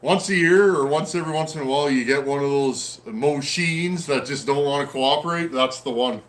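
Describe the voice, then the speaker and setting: A man hosting a casual livestream, reading out viewer comments and chatting in a friendly, easygoing way with frequent pauses. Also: fairly high pitch. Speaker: host of a livestream on chainsaw repair. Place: at home in a snowy area.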